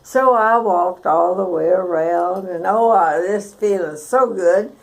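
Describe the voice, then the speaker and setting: A woman's voice: lowish voice, a little slow, vocal fry, rough recording. A woman, telling a childhood story for an oral history recording in a folksy, chuckling way. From Texas.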